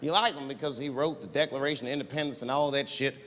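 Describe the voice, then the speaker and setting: A young adult man doing a stand-up comedy set, telling profane stories and acting out characters in loud, high voices. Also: fast talker, big-room sound, slight background noise.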